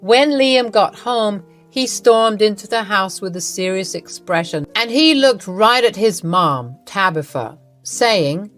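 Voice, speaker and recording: Brief: female storyteller, wry and amused, slow deliberate pace, soft music bed underneath. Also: mid-range voice, expressive. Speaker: narrator. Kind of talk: scripted drama story narration.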